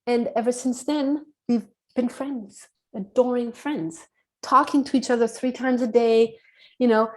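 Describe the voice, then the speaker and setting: A woman's voice: a little high, steady tone, unhurried. Earnest woman with a raised voice. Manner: earnest, acts out dialogue in a hushed voice. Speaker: podcast guest. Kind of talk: personal storytelling.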